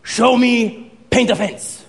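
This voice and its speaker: A man voicing a calm, terse old male karate master who speaks slow, clipped broken English. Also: extremely high pitch, vocal fry, pitched above the performer's own voice, full character voice. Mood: calm instructing.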